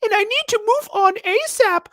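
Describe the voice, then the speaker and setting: A man voicing a mocking impression of a whiny, self-pitying man with a squeaky, sobbing voice. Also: lively intonation, normal speed, fairly bright tone, no echo. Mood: mocking whine.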